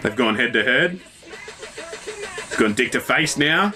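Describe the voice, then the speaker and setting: A man, reacting excitedly to clips, swearing freely and calling out at the screen. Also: mid-range voice, a little slow, music in the background. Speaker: reaction video host. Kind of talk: casual reaction commentary.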